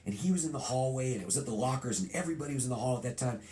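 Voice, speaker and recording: A middle-aged man being interviewed, telling a childhood story in a lively storytelling way and acting out remembered lines. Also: medium pitch, very fast, a little hiss or hum. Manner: animated storyteller, acts out quotes. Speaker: guest.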